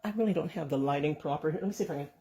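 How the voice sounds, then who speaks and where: A woman's voice: low-pitched, very fast. Rambling woman giving a home cooking how-to. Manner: chatty and rambling, with frequent restarts and self-corrections; warm, blessing her viewers. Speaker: home cooking and canning channel host. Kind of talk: casual how-to vlog. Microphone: handheld phone camera.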